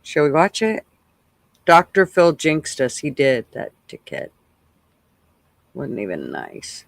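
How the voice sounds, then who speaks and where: A man's voice: medium pitch, wildly swooping pitch, takes it slowly, creaky, long pauses, no echo. A man hosting a live stream, chatting casually with viewers and making wry, muttered asides. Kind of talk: casual reaction commentary.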